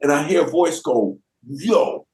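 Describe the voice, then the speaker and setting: High-voiced man telling a wild anecdote. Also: animated, moderate pace, a little mellow. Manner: acts out quoted voices with lots of slang. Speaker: guest rapper. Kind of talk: animated storytelling anecdote. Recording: roomy echoey sound.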